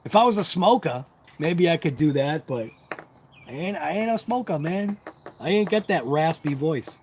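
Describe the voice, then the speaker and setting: A man's voice: fairly high pitch, expressive, normal speed, slight background noise. A man hosting a casual hobby livestream, chatting to viewers in a rambling, talkative, self-deprecating way. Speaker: RC hobby channel host.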